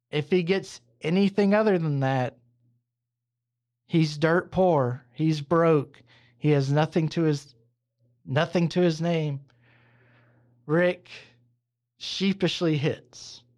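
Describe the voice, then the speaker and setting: A man hosting a podcast, telling a long drawn-out joke with playful asides and speaking affectionately to his listeners. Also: a little high, a little mellow. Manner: affectionate, theatrical farewell to listeners. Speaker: podcast host. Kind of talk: casual storytelling and sign-off.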